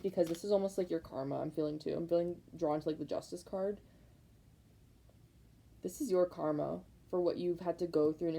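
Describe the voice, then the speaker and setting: Husky-voiced woman reading tarot, emphatic. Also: fairly low pitch, poor audio. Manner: rambling, repetitive, emphatic, many likes; excited, fired up. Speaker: tarot reader.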